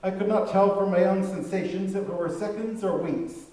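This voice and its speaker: High-strung antiquities scholar, guarded and musing, voiced by a man, slightly high, distant. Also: steady tone, normal speed, darkish tone, natural voice. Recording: echoey room, voice far off.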